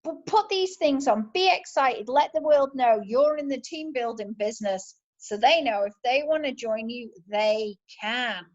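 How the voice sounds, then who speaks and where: British woman, sales team leader, eager motivational chat, higher voice. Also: a little slow, hardly any pauses, highs cut off. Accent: British English. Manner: enthusiastic and chatty. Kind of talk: motivational business talk.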